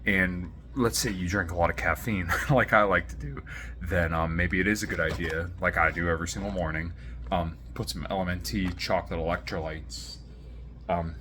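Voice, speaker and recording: A man doing a relaxed, casual sponsor read with many ums. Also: deep voice, noisy background. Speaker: podcast host reading an ad.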